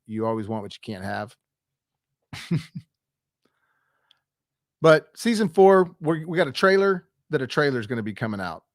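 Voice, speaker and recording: A man's voice: mid-range voice, no echo, clean studio sound. A young man hosting a movie news show, chatting casually and enthusiastically with fillers and asides to viewers.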